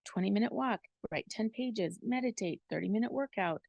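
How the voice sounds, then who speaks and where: Gravelly middle-aged woman podcasting. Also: medium pitch, lively intonation, brisk, a little mellow, no echo. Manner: emotional, gushing. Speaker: podcast host. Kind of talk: casual podcast chat.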